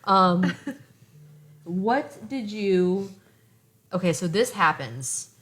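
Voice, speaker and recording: A woman's voice: fairly low pitch, lively intonation, drawn-out words, fairly bright tone. A young woman in her late twenties hosting a candid podcast conversation, telling stories bluntly with plenty of swearing. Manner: blunt, profanity-laced storytelling. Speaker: podcast host.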